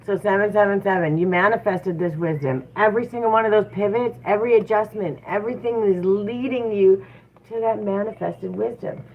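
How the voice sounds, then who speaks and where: A tarot reader gives a casual livestream reading, chatty and encouraging with plenty of fillers. Her mid-range voice is steady and slightly fast, and the audio is tinny and phone-like with faint noise.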